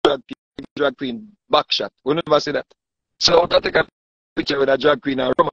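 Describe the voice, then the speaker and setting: A man's voice: mid-range voice, steady tone, normal speed, creaky, fairly bright tone, dry recording. A man with a Jamaican accent ranting casually, boastful and repetitive, often asking if you understand him. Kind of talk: casual rant to camera. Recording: dull dry lo-fi sound.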